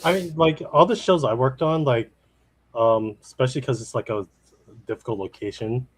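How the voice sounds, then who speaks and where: A man's voice: medium pitch, normal speed, a little hiss or hum. A man in casual chat, speaking hesitantly with many fillers.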